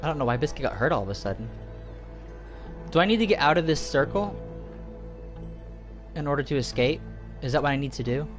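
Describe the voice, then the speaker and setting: Let's play host: panicky, excitable, big swings in pitch, quiet game music underneath. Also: a little fast, pauses often. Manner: excitable, shrieks and panicked outbursts. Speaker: gaming video host.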